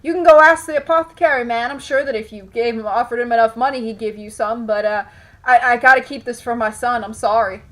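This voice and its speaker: A woman voicing a worried half-orc village mother who talks in a hesitant, halting way. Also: a little high, fairly bright tone, lightly acted. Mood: anxious, deflecting.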